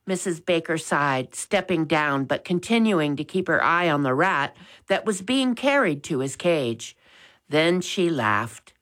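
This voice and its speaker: A woman reading a children's storybook aloud, expressive and gentle. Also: low voice, unhurried. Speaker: narrator.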